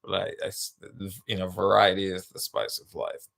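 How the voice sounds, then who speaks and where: A man's voice: deep voice, big pitch swings, moderate pace, vocal fry, a bit bright. A man telling a rambling, profane stand-up story, full of restarts and asides. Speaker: stand-up comedian.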